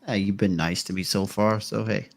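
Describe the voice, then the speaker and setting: A man voicing a friendly male jail guard, folksy, rambling, somewhat low voice. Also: fairly even intonation, moderate pace, creaky. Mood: easygoing.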